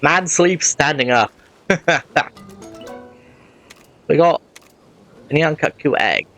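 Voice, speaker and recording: A man's voice: a little high, expressive, slow, fairly bright tone, soft background music. Rambling man narrating gameplay. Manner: rambling, often corrects himself mid-sentence. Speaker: let's play host. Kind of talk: casual gameplay commentary.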